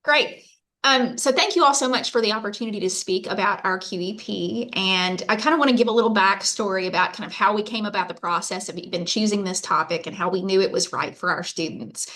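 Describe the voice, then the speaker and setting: A woman's voice: medium pitch, fairly quick, bright, forceful tone. A woman, a university faculty member giving a conversational presentation over a video call, chatty and full of fillers. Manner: chatty storyteller, lots of fillers.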